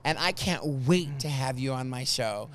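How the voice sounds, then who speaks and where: A man hosting a podcast in casual chat, an animated storyteller who acts out quotes loudly. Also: medium pitch, moderate pace, slight background noise. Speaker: podcast host.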